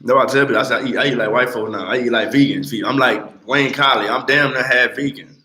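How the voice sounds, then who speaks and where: A man's voice: medium pitch, a little fast, reverberant, low-quality recording. Blunt, profane man talking on a livestream. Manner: blunt, profane, animated storytelling. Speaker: livestream host. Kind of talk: casual livestream talk.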